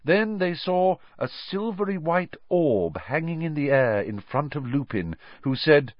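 A man's voice: a little high, a little slow, dry recording, muffled recording. Man narrating a storybook dramatically. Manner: animated, dramatic reading. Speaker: audiobook narrator.

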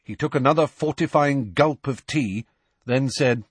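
A man narrating a story with expressive storytelling. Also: medium pitch, measured pace, husky, dry recording. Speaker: audiobook narrator. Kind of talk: scripted narration.

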